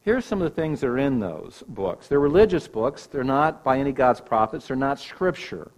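A man's voice: medium pitch, very animated, moderate pace, rough recording. A man preaching a sermon, explaining scripture with emphatic stresses. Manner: emphatic teaching with rising and falling emphasis. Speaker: pastor.

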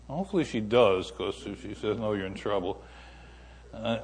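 An older man as a guest preacher, delivering a sermon in a folksy, unhurried way, telling stories with many pauses. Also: lowish voice, breathy edge.

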